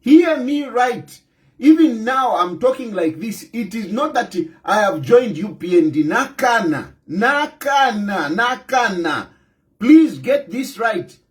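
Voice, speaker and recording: A fired-up Zambian man with a Zambian accent speaks straight to his listeners about politics. His voice sits high for a man and swings widely, and he repeats each point for force. He slips Bemba phrases in among the English. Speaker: political commentator. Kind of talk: impassioned direct-to-camera address.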